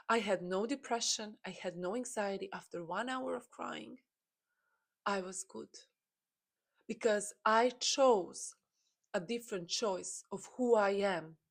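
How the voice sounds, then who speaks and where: Earnest woman, motivational. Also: medium pitch. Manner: earnest and intense, with many restarts and repeated phrases. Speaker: spiritual content creator. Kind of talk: personal story, motivational talk.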